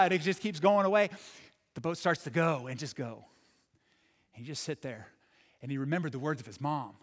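Male storyteller, halting, fairly high voice, echoey hall, unscripted. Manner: halting, repeats words, swings from excited to hushed. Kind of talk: told story.

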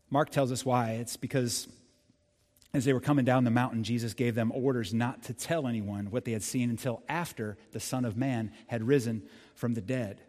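A man preaching a sermon as pastor, animated and conversational, speaking directly to his congregation. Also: medium pitch, normal speed, long reverb tail.

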